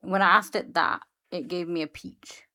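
A woman with a fairly low voice co-hosts a relaxed chat show. She laughs easily and stops now and then to read text aloud, her delivery loose and unhurried. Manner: laughs often, reads chatbot answers aloud. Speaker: podcast co-host. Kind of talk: casual chat, reading aloud.

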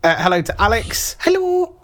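A young man with a fairly high voice hosting an internet radio show. He chats loosely, sends greetings to listeners and often trips over his words before going on. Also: expressive, brisk. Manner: chatty, hesitant, with restarts and shout-outs to listeners. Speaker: radio host. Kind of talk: casual radio banter.

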